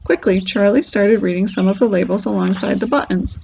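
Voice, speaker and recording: A woman reading a children's book aloud with lively, expressive storytelling. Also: mid-range voice, fairly quick, creaky, hardly any pauses, slight background noise. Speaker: storybook reader. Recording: dull lo-fi recording.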